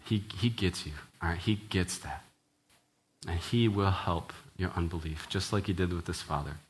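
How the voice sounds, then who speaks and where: A man's voice: low voice, moderate pace. A man, a church minister, preaching an earnest, conversational sermon, often checking in with "right?" and restarting his sentences. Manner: casual, frequent "right?" tag questions and restarts; earnest, ends in quiet prayer.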